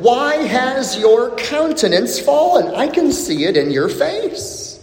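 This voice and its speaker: A man's voice: very high-pitched, slow, roomy sound, in a large hall. A man, a pastor, preaching a biblical teaching sermon, building emphasis as he goes. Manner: expressive preaching with rising emphasis and many restarts.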